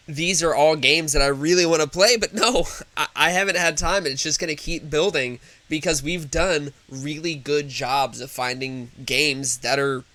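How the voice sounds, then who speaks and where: A man's voice: mid-range voice, sharp tone, dry recording. A young man co-hosting a casual gaming podcast, joking and enthusiastic as he talks. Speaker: podcast co-host.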